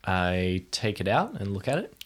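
A player in an improvised audio drama explaining his character hesitantly, with frequent pauses. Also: low-pitched, wildly swooping pitch. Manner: hesitant, lots of ums.

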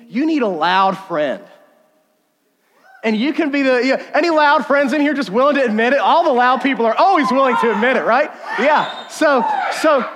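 Male pastor, middle-aged, high-pitched, lively storyteller; sermon in a long-reverb church. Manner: storytelling, animated, self-interrupting with fillers. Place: church sanctuary.

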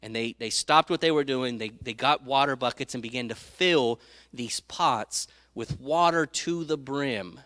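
A man preaching a sermon, retelling Bible stories with lively acted-out voices and reading scripture aloud. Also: medium pitch, measured pace, no room sound, studio quality. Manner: animated storytelling, acts out quoted speakers; reads scripture aloud in old-fashioned wording.

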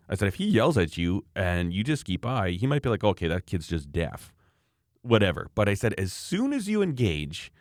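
A middle-aged man telling an animated story in casual chat, acting out other people's voices as he goes. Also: low-pitched, dry recording, clean studio sound.

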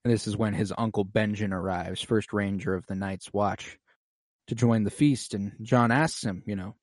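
A man's voice: fairly low pitch, moderate pace, darkish tone, no room sound, clean studio sound. A young man co-hosting a podcast, recapping a TV episode in casual, slangy chat. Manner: laid-back, slangy, does goofy quoted voices. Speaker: podcast co-host.

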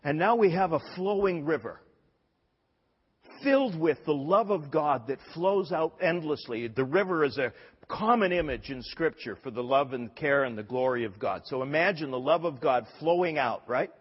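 A man's voice: fairly high pitch, lively intonation, moderate pace, husky. A man preaching a sermon with passion, acting out the quoted voices and often repeating words as he builds his point. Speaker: pastor. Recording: dull sound with long hall reverb.

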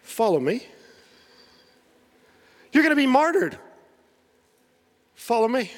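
A man with a high, light voice preaching a sermon from the pulpit, chatty and quick to laugh, acting out what the people in the story say. The sound carries the long reverb of a big church hall. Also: big pitch swings. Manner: conversational, laughs often, acts out quotes. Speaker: pastor.

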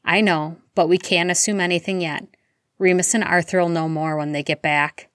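Calm protective godfather wizard, soothing, low-pitched; woman reader. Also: moderate pace, no echo, clean studio sound, natural voice. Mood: reassuring. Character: steady reassuring grown man, protective godfather wizard.

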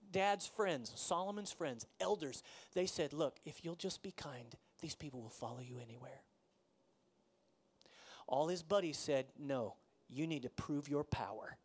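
A pastor preaching a sermon in a conversational way, asking the congregation questions and acting out the people in the story. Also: male voice, high voice, a little mellow. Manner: conversational preaching, asks the audience questions, acts out quotes.

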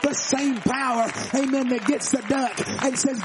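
A man preaching at a revival. He shouts his lines and often falls into a sing-song, chanted rhythm. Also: very high-pitched, fairly even intonation, moderate pace, few pauses, background noise. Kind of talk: revival sermon.

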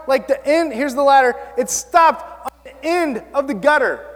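A male pastor preaching a sermon, telling stories in an animated, self-mocking way. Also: very high-pitched, normal speed, in a large hall.

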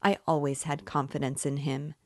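Brief: a proud, impoverished widow who speaks sharply and with wounded dignity, as a woman reading the book aloud voices her. Her voice is low, and the sound is dry and close. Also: little pitch movement, normal speed, darkish tone, no room sound, lightly acted. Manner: haughty and indignant, raising her voice.

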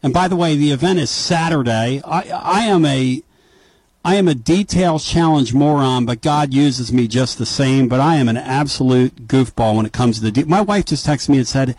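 A man hosting a radio interview, brash and joking, quick to banter with his guest. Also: mid-range voice, darkish tone, no echo, rough recording. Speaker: radio host.

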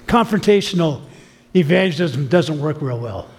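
A man's voice: a little high, expressive, moderate pace, darkish tone. A man preaching a sermon, telling stories with emphatic, acted-out quotes. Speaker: pastor. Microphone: filmed sermon.

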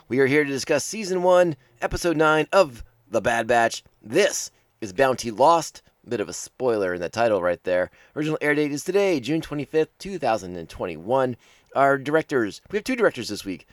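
A man's voice: medium pitch, no room sound, clean studio sound. A man hosting a casual show episode breakdown podcast, talking enthusiastically and rambling with many restarts. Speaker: podcast host.

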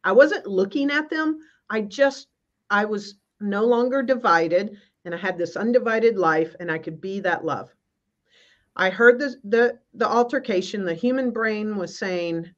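A woman guest minister telling a personal spiritual story on a video call, in an earnest, halting way with many restarts. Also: medium pitch, animated. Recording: slightly muffled.

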